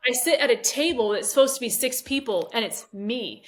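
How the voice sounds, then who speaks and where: This fitness coach, a woman in her forties, speaks fairly quickly and animatedly in a higher register, barely pausing. She's sharing a personal story during an interview, emotional and candid, though with some hesitations.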